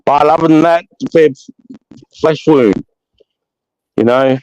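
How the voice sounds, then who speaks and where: This Australian chat show host speaks unhurriedly, his voice on the high side with a darkish tone. In his casual live monologue he's blunt, swears heavily and preaches with emphasis. The dull lo-fi recording is dry, with no echo.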